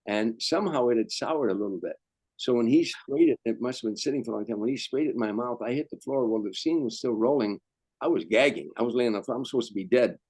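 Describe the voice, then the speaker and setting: A man's voice: medium pitch, quick pace, a little mellow, no echo, rough recording. An older male comedian telling anecdotes as a guest, rambling and restarting sentences. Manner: rambling, repeats words, restarts. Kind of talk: anecdotal storytelling.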